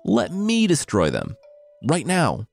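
A man's voice: on the high side, huge pitch swings, takes it slowly, creaky, soft background music, voice pushed up, full character voice. A man voicing a sardonic female she-demon wife who talks in flippant, dry modern slang. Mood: blunt.

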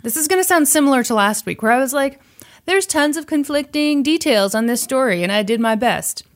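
Chatty, animated woman podcast host. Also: high voice, a little fast. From Midwest of the United States. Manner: chatty, self-deprecating, laughs often. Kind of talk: casual true-crime chat.

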